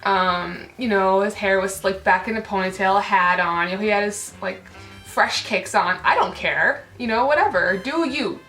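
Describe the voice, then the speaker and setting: A woman's voice: medium pitch, moderate pace, a bit bright. A woman vlogger telling an angry storytime rant, full of fillers and swearing. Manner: indignant, filler-heavy, swearing. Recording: roomy echo with faint music.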